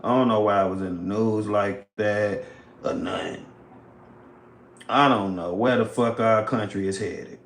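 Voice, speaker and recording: A man's voice: on the low side, steady tone, a little slow, roomy sound, a little hiss or hum. A man hosting a livestream, reacting in loose, casual talk that is full of swearing. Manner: loose, swearing, drawling commentary. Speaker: livestream host.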